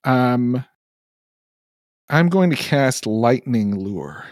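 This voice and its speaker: A man's voice: mid-range voice, expressive, drawn-out words, a little mellow, no echo, studio quality. A man playing in a tabletop game, eager and playful, reading rules aloud. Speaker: player.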